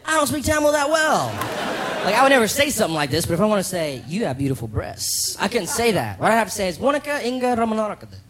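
A young man performing a stand-up comedy set, telling a story with animated delivery and mocking voices for the people he quotes. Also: sits high, quick pace, slight background noise. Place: comedy club stage. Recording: live club recording with crowd laughter. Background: audience laughing.

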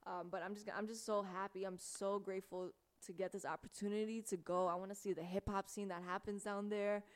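A woman's voice: medium pitch, flat delivery, fairly quick. A young woman from the United States, hosting a radio show and talking casually, rambling with lots of filler words. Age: young adult. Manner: chatty, rambling, lots of "like" and "you know".

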